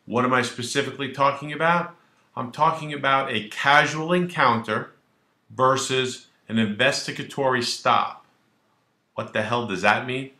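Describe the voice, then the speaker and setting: A man who is a criminal defense attorney, explaining the law straight to camera in a brash, animated way and acting out little scenes. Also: medium pitch, normal speed, echoey room. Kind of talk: direct-to-camera legal explainer.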